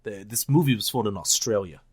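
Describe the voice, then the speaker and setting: A man's voice: lowish voice, fairly quick, a little hiss or hum. A young man co-hosting a casual movie-riffing podcast, trading sarcastic, profane asides. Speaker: podcast co-host.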